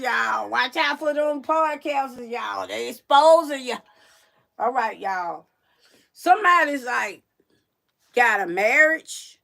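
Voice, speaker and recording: A woman's voice: fairly high pitch, animated, takes it slowly, vocal fry, bright, forceful tone. Chatty woman hosting a livestream card reading. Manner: chatty, repetitive, addresses viewers as y'all. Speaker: psychic card reader host.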